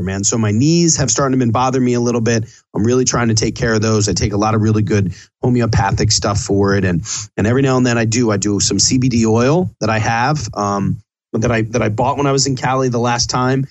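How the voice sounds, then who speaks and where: Middle-aged male chef-host, casual rambling podcast talk, mid-pitched, dry close sound. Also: dry recording. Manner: rambling, loose and chatty, swears casually.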